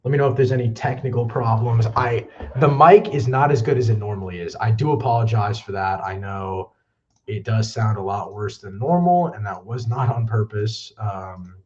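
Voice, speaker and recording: Speaking at a moderate pace with a fairly low pitch, this young adult man rambles through a casual movie news livestream, sounding slightly winded. He keeps apologizing and running himself down. A backup mic stands in for his regular one, giving a dull, lo-fi recording.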